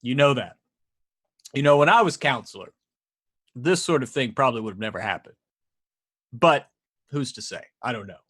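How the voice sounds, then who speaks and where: A man voicing a big, loud, gregarious former councilman who boasts and blusters. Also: mid-range voice, expressive, moderate pace, pauses often. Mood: blustering.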